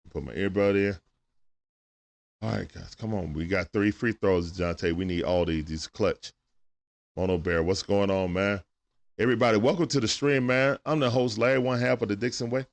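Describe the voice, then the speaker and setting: A man hosting a live stream from home, calling a game play-by-play in a casual, excitable way that swings from hushed asides to sudden shouts. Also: fairly low pitch, moderate pace, creaky, long pauses. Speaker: stream host. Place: at home at night.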